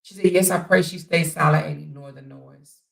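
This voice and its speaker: A woman's voice: low-pitched, normal speed, creaky. A woman hosting a casual livestream, reading viewer comments aloud and chatting back in reply. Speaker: livestream host.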